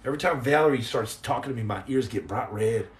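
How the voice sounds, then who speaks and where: A man's voice: mid-range voice, fast. A middle-aged man chatting casually on a livestream, answering viewer comments in a rambling, joking way that often repeats and restarts words.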